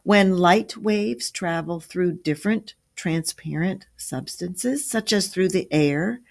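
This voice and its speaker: A man's voice: high voice, slow pace, gravelly, voice pushed up, full character voice. A woman reading the part of a patient, teasing grandfather who eagerly explains science to his grandchildren. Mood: explaining. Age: older.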